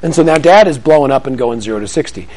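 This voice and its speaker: Animated man giving a parenting talk. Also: mid-range voice, quick pace, low-quality recording. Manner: animated storytelling, acts out family dialogue; humorous, self-deprecating asides. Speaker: parenting speaker. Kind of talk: Christian parenting talk to a live audience. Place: room with an audience.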